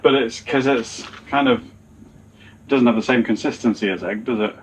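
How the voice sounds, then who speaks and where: A man's voice: mid-range voice, normal speed, a little hiss or hum. A man in casual kitchen banter as a podcast co-host, wry and rambling, laughing often.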